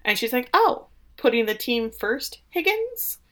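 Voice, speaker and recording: A woman's voice: on the high side, animated, moderate pace, fairly bright tone. A woman co-hosting a casual chat, animatedly retelling scenes and acting out quoted lines. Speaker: podcast co-host. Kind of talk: casual chat recapping a show.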